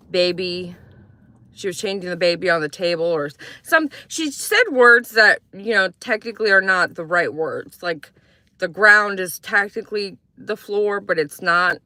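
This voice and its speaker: Chatty woman with a bright, dry voice. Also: fairly low pitch, measured pace, no echo. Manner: rambling, chatty, reads out viewer comments. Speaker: livestream host. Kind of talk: casual livestream chat.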